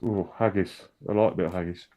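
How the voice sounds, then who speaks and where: A man's voice: sits low, fairly even intonation, quick pace, dark tone. A man co-hosting a casual chat show, telling stories in a rambling, hesitant way with casual swearing. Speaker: co-host.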